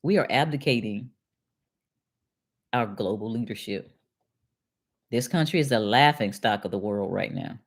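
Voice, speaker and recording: A woman's voice: very deep voice, expressive, measured pace, pauses often. An older woman from Detroit reading political promises aloud to a live chat and answering them with sarcastic, indignant asides. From Detroit, USA. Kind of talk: casual livestream commentary.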